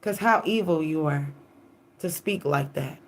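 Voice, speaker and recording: A woman's voice: low-pitched, a little slow. A woman tarot reader giving an emphatic, profane live-stream monologue, often checking in with "okay?".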